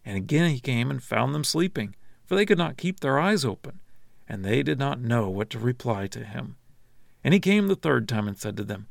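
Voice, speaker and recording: Gravelly man reading scripture. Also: medium pitch, big pitch swings, normal speed, no room sound, studio quality. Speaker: scripture reader.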